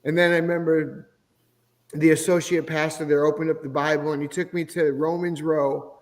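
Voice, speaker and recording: A man's voice: on the high side, level tone, normal speed. A middle-aged man, a podcast guest, telling his personal faith testimony in an earnest, emotional way. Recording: long hall reverb.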